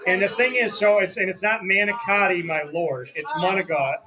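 A man's voice: high-pitched, moderate pace, over a noisy crowd. A young man hosting a casual interview at a restaurant, joking and teasing as he tells stories. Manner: joking, teasing, animated storyteller. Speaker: radio show host.

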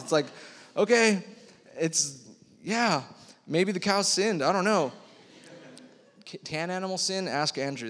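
A young man preaching a casual youth sermon as a youth pastor, energetic and slangy, telling the story with lively animation. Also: on the high side. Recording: long reverb of a large hall.

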